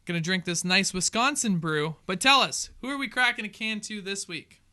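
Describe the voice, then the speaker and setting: A man's voice: sits high, moderate pace, bright, forceful tone. A man co-hosting a casual sports chat show, upbeat and joking in his banter. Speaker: co-host.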